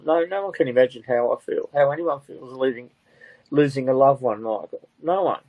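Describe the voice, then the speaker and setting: An older man, a grieving father who speaks in halting, repeated phrases with a tearful, breaking voice. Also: mid-range voice, no echo, muffled recording. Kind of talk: emotional interview talk.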